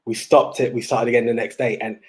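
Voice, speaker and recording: A young man co-hosting a podcast, telling stories in a rambling, animated way with many restarts. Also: mid-range voice, a little fast. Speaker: podcast co-host. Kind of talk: casual chat.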